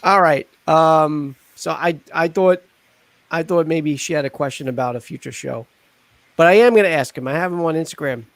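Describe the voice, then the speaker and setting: High-voiced joking man hosting. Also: moderate pace, dry recording. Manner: joking, rambling, many fillers. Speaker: host. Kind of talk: casual live-stream chat.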